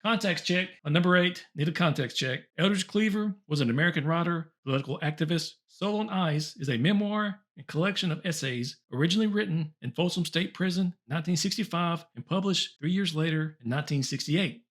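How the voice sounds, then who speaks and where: A man's voice: fairly high pitch, a little fast, few pauses, fairly bright tone. A man hosting a comedy show, reading old top ten lists aloud with chuckles and wry asides. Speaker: host.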